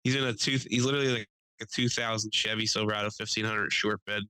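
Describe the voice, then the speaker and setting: Young American male podcast host, bright and crisp, dry mic, loose swearing storyteller. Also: fairly low pitch, fast, dry recording, low-quality recording. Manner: animated, swearing, laughing storyteller doing voices. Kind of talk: casual storytelling chat.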